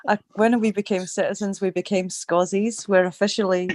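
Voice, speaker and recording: A middle-aged woman from Scotland with a Scottish accent softened by a slight Australian twang, chatting in an upbeat way and swearing casually. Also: medium pitch, fairly even intonation, brisk, few pauses, background noise. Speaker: group call participant. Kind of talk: casual chat.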